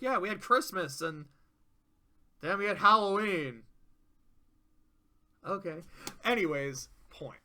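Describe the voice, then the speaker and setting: A man hosting a casual tier-list review, excitable, swearing freely and laughing often. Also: a little high.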